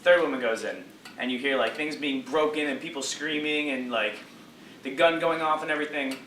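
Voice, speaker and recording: A young man telling a joke to friends in a steady, matter-of-fact way. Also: fairly high pitch, brisk. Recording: roomy, distant camera mic, noisy.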